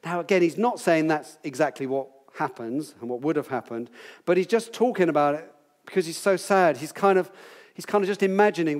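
A man's voice: on the high side, fairly quick, a little mellow, long reverb tail. A man in his sixties, possibly from Britain, teaching a Bible passage to a group in a chatty, playful way, quizzing his listeners as he goes. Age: 60s.

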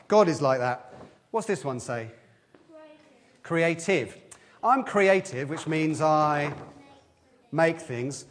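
A man giving a lively, interactive children's talk in a church service, quizzing the children as he goes. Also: on the high side, a little hiss or hum. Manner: lively, questioning the children, quick asides.

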